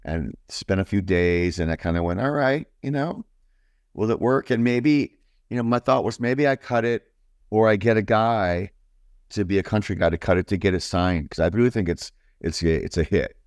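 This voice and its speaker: Deep-voiced rambling guest musician. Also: male voice, moderate pace, a little mellow, clear, resonant tone, no room sound, studio quality. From New York. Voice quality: baritone. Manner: rambling, enthusiastic, many fillers. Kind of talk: casual interview chat.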